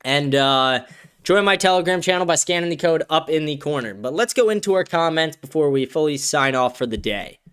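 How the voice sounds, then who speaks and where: A man hosting a podcast in casual chat, excitable and profane, often laughing as he reads and answers viewer comments. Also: on the high side, brisk, clear, resonant tone. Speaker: podcast host.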